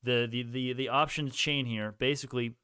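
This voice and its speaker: Smooth-voiced man hosting a casual stock stream. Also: mid-range voice, steady tone, moderate pace, sharp tone, dry recording, clean studio sound. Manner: rambling, casual, thinking aloud. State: sleepy, yawning. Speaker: stock livestream host. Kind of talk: live stream chat answering viewers.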